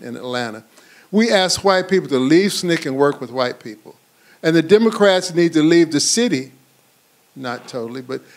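An older man speaking passionately to an audience as a panel speaker, halting and repeating words as he goes. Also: fairly high pitch. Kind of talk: impassioned speech to an audience.

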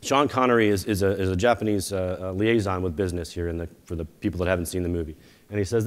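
Speaking fast in a low voice with fairly even intonation, a company founder gives a keynote from a conference stage before a live audience. His storytelling is conversational and laced with self-deprecating jokes.

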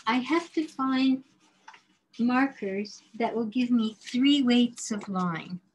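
A woman teaching a drawing class, explaining slowly and carefully while she demonstrates, now and then murmuring to herself as she works. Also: on the high side, low-quality recording. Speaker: design drawing instructor.

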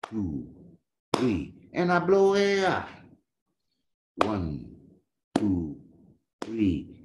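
A man, his tongue, gives personal testimony over a video call. His voice swings widely in pitch, booming on some phrases and falling almost to a murmur on others. The delivery is raw and emotional. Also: background noise. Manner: emotional storytelling with big swings between loud and hushed. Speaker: guest speaker, death row exoneree.

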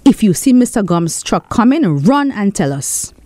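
A woman's voice: mid-range voice, big pitch swings, moderate pace, warm tone, dry recording, voice pushed up, lightly acted. Woman playing a brash boy ringleader. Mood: boastful. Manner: boastful and pushy. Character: brash daring schoolboy ringleader.

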